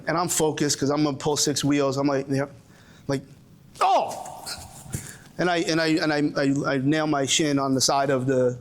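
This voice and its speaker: A man from Brooklyn with a Brooklyn accent, presenting to a live audience, joking and restarting sentences, calling on people in the room. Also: on the high side. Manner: joking, with frequent restarts and audience call-outs. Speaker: presenter at a coaching seminar. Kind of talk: animated live seminar talk.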